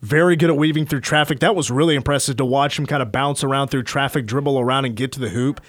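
A man's voice: mid-range voice, fairly even intonation, fast talker, no echo, studio quality. A man on sports talk radio, breaking down a college basketball recruit in a detailed, stat-heavy, conversational way.

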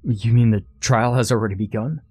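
A man's voice: mid-range voice, a little fast, darkish tone, husky, dry recording, lightly acted. A man voicing an ordinary husband who speaks in plain, short, uneasy replies. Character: ordinary young-ish husband, wary and desperate. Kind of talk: storytelling.

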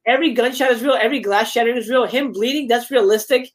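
Woman, guest, casual movie talk, blunt, swears a lot, fairly high voice. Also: quick pace.

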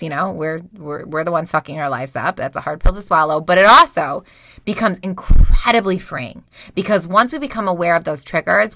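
A woman's voice: on the low side, bright, forceful tone, dry recording, studio quality. A woman in her thirties talking frankly and emotionally to listeners, swearing freely, recorded in a small closet at home. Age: 30s. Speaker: podcast host. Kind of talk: candid personal monologue.

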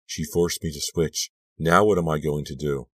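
A man doing a soft-spoken, sly teenage girl. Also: a bass voice, fairly even intonation, normal speed, dry recording, studio quality. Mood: pleading. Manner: soft, quiet and cold.

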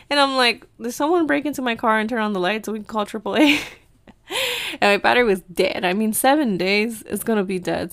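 A woman's voice: mid-range voice, a bit bright, clear, resonant tone, no echo. A young woman vlogger recounts her week in a chatty, laughing way and drops Spanish phrases into her talk. The recording is dry and close, with no room sound. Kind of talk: casual storytelling vlog.

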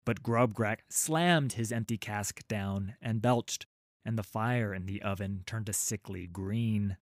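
A man's voice: lowish voice, slow, no room sound, studio quality. A man narrating a children's storybook, with wry, playful asides to his listeners.

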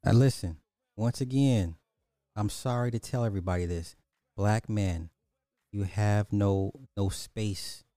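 A man's voice: lowish voice, unhurried, dry recording, studio quality. A man hosting a reaction video, talking casually with jokes and bursts of laughter. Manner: animated, joking, breaks into laughter.

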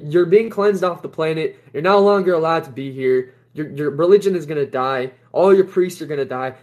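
A man with a slightly high voice hosts a spiritual livestream, chatting casually. He rambles, repeats himself, laughs often, and comes across as blunt and dismissive.

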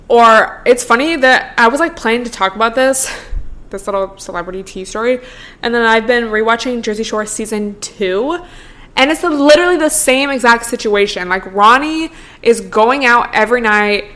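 A woman's voice: on the high side, a bit bright. A young woman in her twenties hosting a solo podcast, talking casually with lots of "like", swearing freely and laughing often. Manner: chatty, profane, full of "like", laughs often. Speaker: podcast host.

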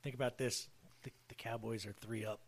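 A man co-hosting a casual radio show, loud and joking, swearing and laughing often, with music playing behind him. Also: mid-range voice, fairly even intonation, fairly quick.

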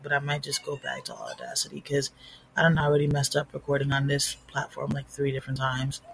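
Hosting her own podcast from a home setup, a woman rambles candidly and casually, poking fun at herself. Her voice is extremely low, gravelly, animated and fairly quick, and the low-quality recording carries slight hiss or hum.

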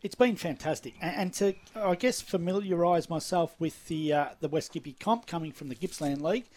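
A man's voice: on the high side, brisk, darkish tone. A middle-aged Australian man, a league manager, chatting as a radio guest in a friendly, matey way. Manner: chatty, friendly, keeps saying mate. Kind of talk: casual radio interview.

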